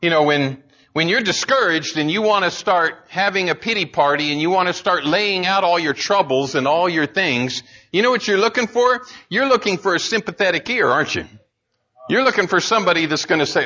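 Male preacher, animated and conversational, repeats for emphasis; bright voice, dull recording. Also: fairly high pitch, normal speed. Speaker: pastor. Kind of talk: sermon.

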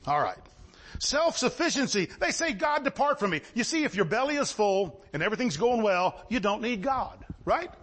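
A man preaching a sermon, swinging between shouted lines and low asides. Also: big pitch swings, normal speed.

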